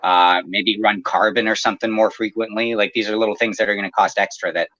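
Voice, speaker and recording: Low-voiced man, dull dry sound. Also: fairly even intonation, fast, sharp tone, no echo. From Canada. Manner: easygoing, explains at length with many fillers. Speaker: aquarium maintenance service owner. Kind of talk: casual podcast chat.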